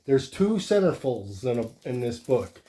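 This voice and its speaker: A man hosting a comic book show, chatting casually in a relaxed, rambling way with many fillers. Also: mid-range voice, measured pace, a little hiss or hum. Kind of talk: casual show-and-tell chat.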